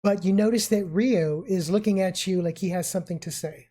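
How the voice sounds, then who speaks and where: A woman's voice: lowish voice, a little fast, mellow. A woman narrating as game master in a casual, hedging way.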